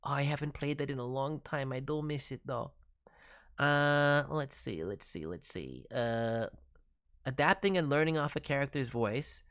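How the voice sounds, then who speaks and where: Speaking at medium pitch with a clean, slightly bright tone, a man streams as a voice actor and gives friendly tips on demos and voice work. His casual delivery is encouraging and talkative, with lots of fillers and brief tangents.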